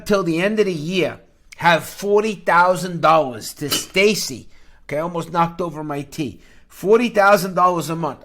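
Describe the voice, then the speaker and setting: Middle-aged guy rambling about his investments, brash and jokey, kinda high voice, bounces all over the place. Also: fairly bright tone. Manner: brash, jokey, jumps between topics. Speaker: finance channel host. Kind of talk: rambling podcast-style monologue.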